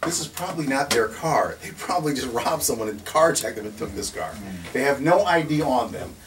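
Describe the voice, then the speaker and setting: A man who runs a community security firm, telling a story in an animated way, laughing often and acting out what others said. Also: medium pitch, brisk, echoey room. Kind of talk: storytelling in a recorded conversation. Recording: distant mic with faint background noise.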